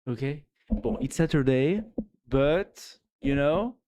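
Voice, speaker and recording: A French-accented streamer, native in French, winding down a live stream well past midnight. The talk is unhurried and playful, with some giggles, and sounds tired. The voice sits at a middling pitch. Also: dark tone. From France. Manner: playful, giggly, chatting with viewers. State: tired, late at night. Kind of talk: casual late-night live-stream chat.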